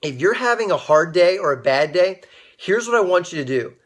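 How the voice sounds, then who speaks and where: A man's voice: sits high, lively intonation, a little fast. A young man hosting a casual inspirational livestream, telling a personal story and greeting viewers by name as they join. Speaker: livestream host.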